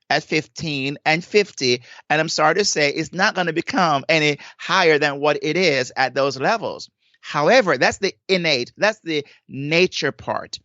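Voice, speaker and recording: A man's voice: a little high, fairly bright tone, no room sound. A man from Jamaica, a guest explaining ideas earnestly and often repeating himself. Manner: earnest, repeats and restarts words. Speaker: guest, leadership coach. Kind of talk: explanatory interview talk. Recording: dull lo-fi dry sound.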